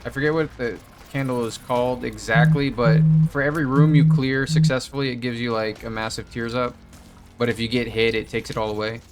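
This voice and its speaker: A man's voice: medium pitch, steady tone, fairly quick. Rambling, swearing young man over game music. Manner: rambling, swears a lot, laughs often. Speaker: gaming video host. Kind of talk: casual chat while playing a game. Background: faint game music.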